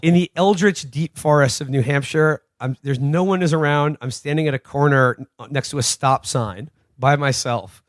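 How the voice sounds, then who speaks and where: A man's voice: on the high side, moderate pace, few pauses, no echo, clean studio sound. A man co-hosting a podcast, telling canvassing stories in casual, profane talk with frequent restarts. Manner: profane, rambling with repeated restarts. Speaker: podcast co-host. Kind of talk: casual chat, storytelling anecdotes.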